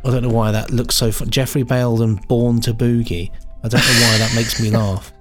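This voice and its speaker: A man with a mid-pitched voice rambles happily through a story on a casual podcast. He is enthusiastic, stops and restarts often, and talks with plenty of ums and uhs. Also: little pitch movement, normal speed, music in the background. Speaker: podcast co-host.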